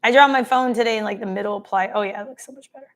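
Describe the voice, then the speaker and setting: Her voice sits on the higher side and she talks very fast. She's travelling and broadcasting a casual live stream from a holiday destination, effusively reading viewers' comments and thanking them by name.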